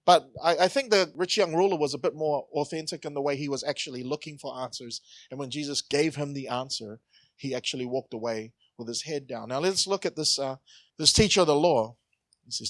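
A man's voice: fairly high pitch, brisk, a bit bright, dry recording. A man preaching a conversational sermon, joking and asking the congregation questions. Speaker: pastor.

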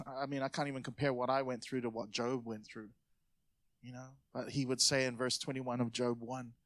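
A man's voice: mid-range voice, moderate pace, fairly bright tone, no room sound, studio quality. A man preaching a sermon as a pastor, telling a personal story with emotion and building to exhortation. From Samoan family. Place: church hall.

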